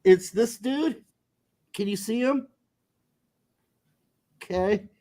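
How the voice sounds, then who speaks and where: A man's voice: high voice, slow pace, mellow. A man hosting a podcast, trading crude, profane jokes and laughing often in casual banter. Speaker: podcast host.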